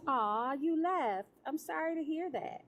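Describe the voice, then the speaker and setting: A woman with a high voice hosts a livestream debate. She keeps interrupting her caller and talks down to him. There is a faint steady hum in the background. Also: a little slow. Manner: condescending, cuts callers off. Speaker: livestream host.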